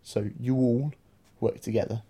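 A man teaching a podcast language lesson, explaining phrases slowly and clearly and repeating them. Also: medium pitch, fairly even intonation, mellow.

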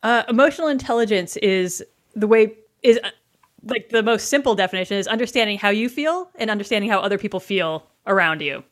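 A woman on a podcast talks fast in casual conversation. She explains her ideas and keeps asking rhetorical questions. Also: mid-range voice. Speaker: podcast guest, leadership educator.

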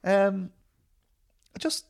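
A middle-aged man, a documentary filmmaker, answering interview questions in a rambling, self-deprecating way, full of restarts and fillers. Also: very slow.

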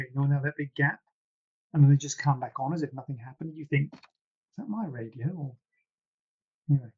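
A man's voice: a little high, vocal fry, slightly rough, highs cut off. A man, a plastic surgeon, answering viewer questions in a casual, rambling live Q&A with frequent asides. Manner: chatty, rambling, self-deprecating asides.

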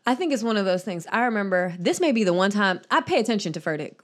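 A woman co-hosting a casual podcast, candid and quick to laugh, swearing freely as she gives advice. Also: medium pitch, expressive. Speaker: podcast co-host.

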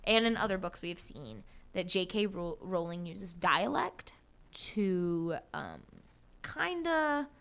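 A woman's voice: on the low side, slow pace, gravelly. A young woman co-hosting a podcast, talking casually about a book with lots of fillers and restarts. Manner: animated, many fillers and restarts. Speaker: podcast co-host.

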